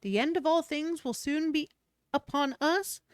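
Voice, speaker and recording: A woman's voice: sits high, measured pace, no echo, clean studio sound. A woman voicing a pompous cult priestess. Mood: solemn. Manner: pompous, theatrical proclamations. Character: fanatical female cult priestess, grandiose. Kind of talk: reading game dialogue aloud on stream.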